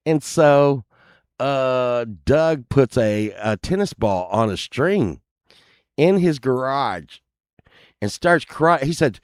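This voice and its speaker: A man's voice: medium pitch, animated, slow, no echo, studio quality. A man telling a story casually, rambling and cursing often, laughing at himself as he goes.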